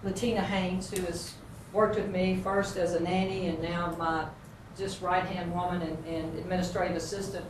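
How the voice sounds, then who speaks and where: A woman's voice: on the low side, flat delivery, moderate pace. A woman, a basketball coach giving an earnest, folksy motivational speech. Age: 50s. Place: large hall with an audience. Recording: echoey hall, far-off mic, noisy.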